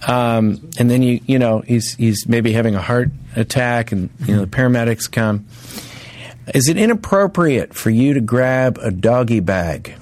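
A man hosting a comedy podcast, asking odd questions in a hesitant, deadpan way with many pauses. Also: mid-range voice. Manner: hesitant, deadpan, full of ums. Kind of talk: casual comedy podcast chat.

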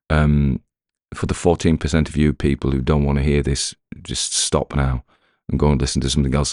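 A man's voice: extremely low pitch, darkish tone, no echo, studio quality. A British man who hosts a story podcast, chatting casually after a reading, rambling with wry asides. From Britain.

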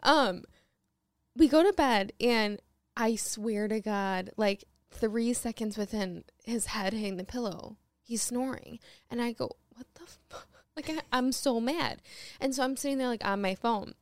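A young woman co-hosting a podcast, telling stories in a lively way and acting out what others said, laughing as she goes. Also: on the high side, a little slow, no echo. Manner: animated storytelling, acts out quotes with laughter. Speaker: podcast co-host. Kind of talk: casual chat.

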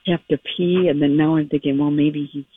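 A man's voice: on the high side, fairly even intonation, brisk, slightly rough. A man calling into a pet advice show, hesitant and agreeable, with many fillers. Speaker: caller. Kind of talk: call-in question. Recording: tinny phone line.

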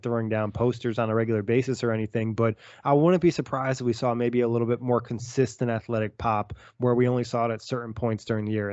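A man's voice: medium pitch, a little mellow, no room sound, lo-fi sound. A man co-hosting a casual basketball podcast, loose and chatty, peppering his talk with "like". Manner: quick, loose, full of "like". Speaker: podcast co-host. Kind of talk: casual sports chat.

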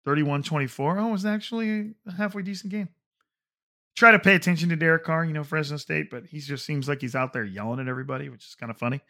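A man's voice: on the high side, quick pace, bright, forceful tone. A man hosting a sports podcast on his own, rambling casually with lots of filler words. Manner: rambling, heavy on fillers like "like" and "you know".

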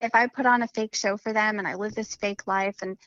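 A woman's voice: mid-range voice, fairly even intonation, fairly quick, fairly bright tone, dry recording, lo-fi sound. A woman in her forties as a podcast guest, speaking earnestly with some hesitation and light laughter. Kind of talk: casual interview chat.

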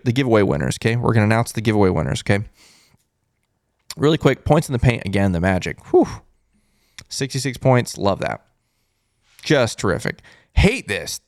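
A man with a medium-pitched voice hosts a fan postgame show as a casual live stream, chatting and thinking aloud while reading through stats and repeating his reactions. The audio is clean studio sound with no echo.

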